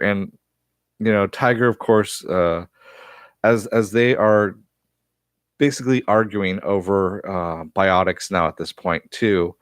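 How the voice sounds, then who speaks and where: A man giving a casual, chatty spoken recap of a TV episode, often laughing and pausing with fillers. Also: low-pitched, no echo, clean studio sound. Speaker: TV episode reviewer.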